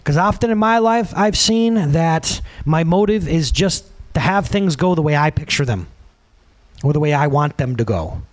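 A man's voice: a little high, moderate pace. A man in his thirties, a pastor, preaching a conversational sermon and acting out quotes in other voices. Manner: conversational, animated, acts out quotes.

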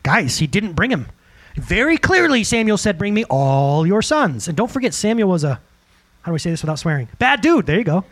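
A man preaching a sermon to a congregation, animated and direct, often asking the listeners questions and acting out quotes. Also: high voice, a little fast. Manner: breaks into acted-out quotes. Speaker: pastor.

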